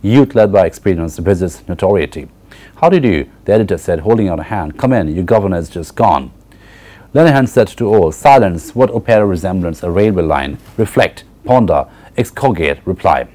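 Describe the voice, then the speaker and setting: A male university lecturer reading passages from a novel aloud and pausing to explain them to students. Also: deep voice, lively intonation, darkish tone. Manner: reads passages with frequent fillers and restarts, then explains.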